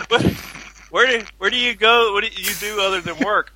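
Lively male guest storyteller, bright and punchy, fond of mimicking people. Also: very high voice, slow, long pauses, rough recording. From Louisiana. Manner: animated, laughs often, acts out quotes. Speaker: guest, pharmacy worker. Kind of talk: casual podcast chat, storytelling.

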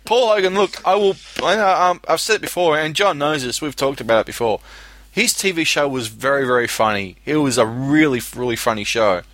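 Man, Australian accent, bright, blunt, profane, laughing, casual chat. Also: on the high side, a little fast, no echo.

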